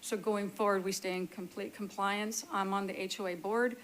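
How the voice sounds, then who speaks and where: A woman's voice: mid-range voice, fairly even intonation, moderate pace, a bit bright, low-quality recording. Earnest apologetic woman at a hearing. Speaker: appellant at a public hearing. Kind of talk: testifying at a hearing. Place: public meeting room.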